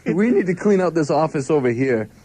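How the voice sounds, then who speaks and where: A man's voice: a little high, big pitch swings, brisk, warm tone. A man co-hosting a campus radio show, joking around and rambling with lots of fillers and restarts. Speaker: college radio co-host. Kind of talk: casual on-air banter.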